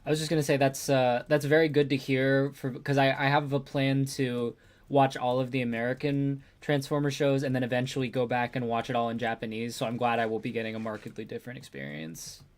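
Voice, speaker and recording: A man's voice: mid-range voice, fairly even intonation, brisk. A man in casual stream chat, asking curious questions, laughing easily and giving short replies.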